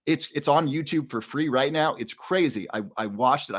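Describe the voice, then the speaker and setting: A man's voice: a little high, normal speed, hardly any pauses. Middle-aged guy ranting on his live stream, fired up and outraged, stumbles over words. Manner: indignant, ranting, repeats words when heated. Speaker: show host. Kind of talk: impassioned live-stream monologue.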